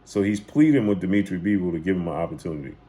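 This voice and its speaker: A man's voice: low voice, rapid-fire, very noisy. A man hosting a sports channel, casually retelling and commenting on boxing clips with emphatic repetition.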